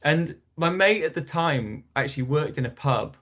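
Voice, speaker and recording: A man's voice: fairly high pitch, animated, moderate pace, a bit bright. A man from North East England, a stand-up comedian, telling stories in a casual podcast chat with frequent restarts. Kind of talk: storytelling in casual interview.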